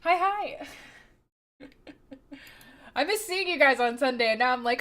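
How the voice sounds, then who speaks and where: A woman's voice: sits high, lively intonation, unhurried, long pauses, bright, forceful tone. A woman livestreamer chatting casually and greeting her viewers by name, giggling often.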